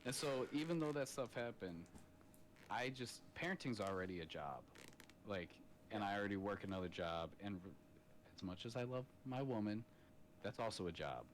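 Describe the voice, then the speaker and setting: A man's voice: fairly low pitch, normal speed, slight background noise. A man in his thirties, a father, chatting on a podcast in a blunt, profane storytelling manner. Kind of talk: casual podcast chat. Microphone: podcast microphone.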